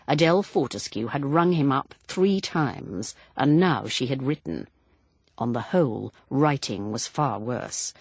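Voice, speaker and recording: A woman reading a mystery audiobook in a measured, expressive way. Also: deep voice, husky, no echo. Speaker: audiobook narrator. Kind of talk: scripted narration.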